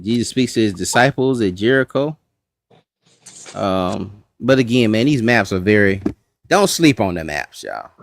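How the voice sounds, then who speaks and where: A man's voice: fairly low pitch, lively intonation, measured pace, creaky. A man teaching a casual Bible study class, folksy and talking straight to the group. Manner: folksy, says y'all, talks to the class. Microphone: streaming setup.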